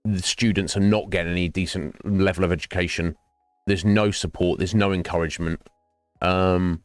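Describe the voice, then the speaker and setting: A man's voice: low-pitched, steady tone, moderate pace, no room sound, faint music behind. A man chatting casually with viewers during a game stream, rambling from topic to topic. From United Kingdom. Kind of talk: casual chat while gaming.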